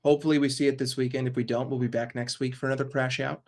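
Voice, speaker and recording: A man's voice: medium pitch, level tone, racing, darkish tone. A man hosting a football fan channel, giving a heated, profane and sarcastic rant. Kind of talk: casual ranting commentary.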